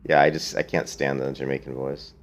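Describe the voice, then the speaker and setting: A man with a very deep voice streams a video game, chatting casually with viewers in a flat, brisk delivery. He answers their questions bluntly and with strong opinions, in the style of relaxed let's-play commentary.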